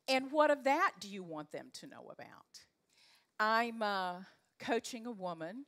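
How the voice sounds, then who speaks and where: A woman's voice: medium pitch, sharp tone. An older woman from North Carolina with a Southern accent, a leadership coach giving a chatty, direct motivational talk to a live audience. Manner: chatty, direct, folksy with frequent fillers. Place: event room with a live audience.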